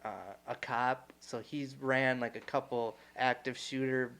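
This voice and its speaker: A young man co-hosting a casual podcast chat, telling a story with lots of fillers, swearing and loud acted-out quotes. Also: medium pitch, unhurried, clear, resonant tone. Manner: animated, swears freely, acts out quotes loudly. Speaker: podcast co-host.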